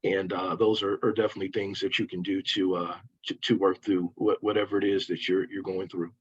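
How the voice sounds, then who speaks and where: A man's voice: low voice, flat delivery, a little fast, breathy edge. A man speaking as a panelist, hesitant and repeating himself. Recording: muffled distant lo-fi call audio.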